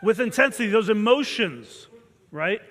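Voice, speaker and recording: This man's voice is high and ringing, a little bright, and animated at a moderate pace. He's a martial arts instructor whipping up his students with a fired-up motivational talk and urging them through intense call-and-response chants. The big hall around him gives a long, echoing reverb.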